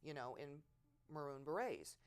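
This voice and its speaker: A middle-aged woman in an oral history interview, telling war stories in a lively way and acting out quotes loudly. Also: low-pitched, moderate pace. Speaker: veteran interviewee.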